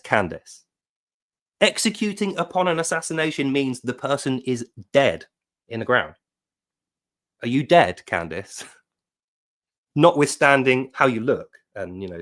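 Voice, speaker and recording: An online commentator with a fairly high, slightly bright voice offers sarcastic reactions. He mocks what he reads, delivering quotes aloud in put-on voices.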